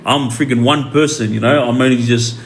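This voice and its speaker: A man's voice: medium pitch, steady tone, a little fast, a little hiss or hum. An Australian man talking casually to followers on a livestream, rambling with many fillers and repeated words. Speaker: livestream host.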